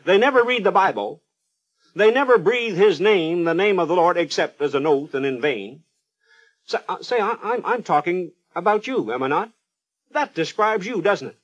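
A man's voice: high-pitched, lively intonation, moderate pace, muffled recording. A man preaching a radio sermon, fervent and pleading, putting pointed questions straight to the listener.

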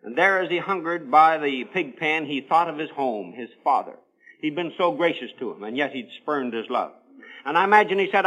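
High, bright-voiced radio preacher man. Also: expressive, normal speed, rough recording. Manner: earnest, preacherly storytelling with rising emphasis. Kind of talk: radio sermon.

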